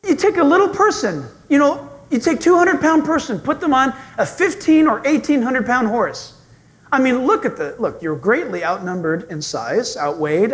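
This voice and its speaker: A male pastor preaching a sermon in a church sanctuary, telling stories in an animated, humorous way. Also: very high voice.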